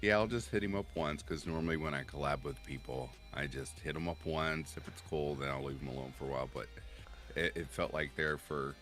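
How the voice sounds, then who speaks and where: A man hosting a casual livestream chat, animated, laughing often and reading out chat comments. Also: a bass voice, brisk, faint music behind. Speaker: stream host.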